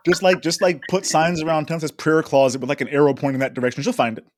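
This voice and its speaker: A man's voice: on the high side, flat delivery, fast. A man co-hosting a casual podcast, cracking wry jokes and laughing often. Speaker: podcast co-host. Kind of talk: casual chat.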